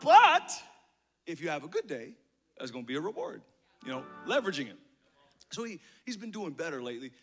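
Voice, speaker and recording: A man telling a rambling story about his son, animated and emotional, with many restarts. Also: a little high, fast, faint music behind. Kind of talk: storytelling comedy set.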